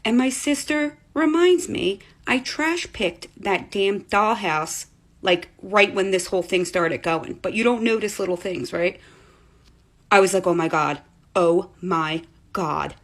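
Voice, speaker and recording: A woman's voice: medium pitch, a little slow. Chatty mother telling a story. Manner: chatty, animated, acts out voices in quotes. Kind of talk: casual storytelling. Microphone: phone.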